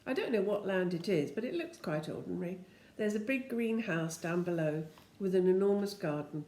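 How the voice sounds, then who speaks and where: A woman's voice: lowish voice, animated, normal speed, mellow. An older woman voicing a fretful, chatty male storybook creature in an echoey room.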